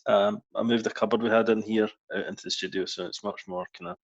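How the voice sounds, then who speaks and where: A man co-hosting a podcast, relaxed and hesitant, with plenty of ums. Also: on the low side, quick pace, creaky, muffled recording. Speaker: podcast co-host. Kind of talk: casual chat.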